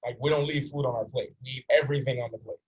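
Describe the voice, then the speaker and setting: Fast and slightly rough, this man's mid-range voice stays steady as he runs a coaching session. He's a North American life coach in his forties who teaches earnestly and repetitively, illustrating points with stories, recorded with lo-fi sound.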